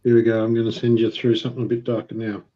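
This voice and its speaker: Timid guy, mid-pitch voice, keeps restarting, dull lo-fi call sound. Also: completely flat delivery, very fast, warm tone. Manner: hesitant, self-conscious, restarts often. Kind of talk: casual live-stream chat.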